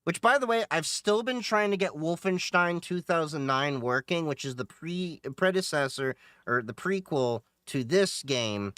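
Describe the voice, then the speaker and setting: A male streamer chats casually with his viewers, cracking jokes as he goes. His pitch swings a lot, up and down. The sound is dry and close, with no room echo. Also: lively intonation, measured pace, hardly any pauses, fairly bright tone, smooth. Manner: joking, chatty, answers viewers and laughs often. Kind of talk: casual live-stream chat while gaming.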